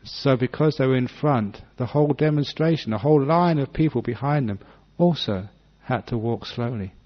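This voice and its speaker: Casting: male Buddhist monk, mid-pitched, measured teaching delivery, dull lo-fi talk recording. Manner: unhurried, reads text then explains with gentle humour. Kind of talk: dhamma talk reading and explaining a sutta.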